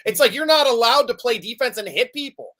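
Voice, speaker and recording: A man talking football casually as a podcast guest, animated and telling stories, often stammering and repeating words. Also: extremely high pitch, brisk. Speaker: podcast guest, Steelers fan. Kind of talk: casual sports chat.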